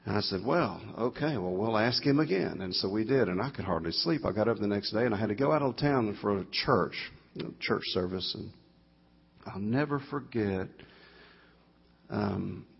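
A man's voice: lowish voice, moderate pace, vocal fry, breathy edge, muffled recording. A middle-aged man, telling a folksy, meandering story as a guest guitarist at a church concert, recorded live. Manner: folksy, meandering, self-correcting. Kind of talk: rambling storytelling testimony.

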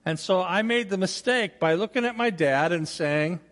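Older man, guest preacher, higher-pitched voice, folksy storytelling, recorded in a church with a long echo. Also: lively intonation, normal speed, fairly bright tone. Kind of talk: sermon. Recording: long reverb of a large hall.

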